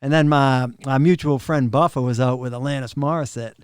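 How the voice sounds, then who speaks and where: A middle-aged man, a drum tech, casually telling backstage stories on a podcast, animated and often laughing. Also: mid-range voice, fairly quick, smooth, dry recording, studio quality. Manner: animated, laughs often, acts out quoted people. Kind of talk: casual storytelling of road anecdotes.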